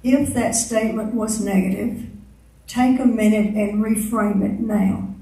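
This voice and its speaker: A woman minister giving a sermon, slowly leading her congregation in repeated chanted affirmations. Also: mid-range voice, mellow. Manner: slow, deliberate, leads the congregation in repeated chants. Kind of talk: sermon with call-and-response affirmations. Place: large church hall. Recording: very echoey hall, voice from a distance.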